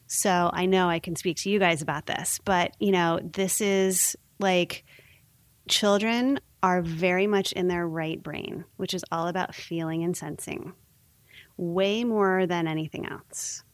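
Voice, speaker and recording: A woman's voice: on the low side, fairly even intonation, unhurried, no echo. A woman explaining infant sleep habits in a casual chat, often acting out little voices for babies and parents. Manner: warm explanatory, acts out baby and parent voices. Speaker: sleep consultant guest.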